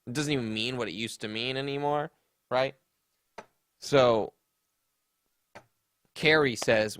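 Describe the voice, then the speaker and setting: A man's voice: medium pitch, takes it slowly, long pauses, fairly bright tone, clear, resonant tone, no room sound. A man hosting a comedy podcast, chatting casually and mockingly about online drama. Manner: sarcastic, mocking, with sassy put-on voices for quotes. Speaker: podcast host.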